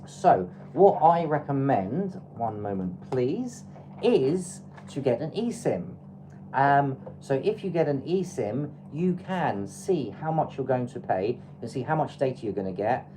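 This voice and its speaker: A woman's voice: extremely low pitch, very animated, measured pace, mellow, slight background noise, low-quality recording. A woman from England with an English accent, hosting a travel livestream in a loose, chatty, advice-giving way with plenty of fillers. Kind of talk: casual livestream chat.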